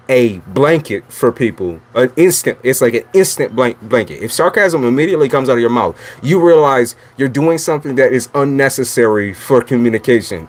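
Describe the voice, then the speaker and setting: A man reading tarot who talks in a blunt, chatty way, swearing freely and laughing often as he rambles. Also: medium pitch. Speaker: tarot reader. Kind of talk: casual livestream monologue.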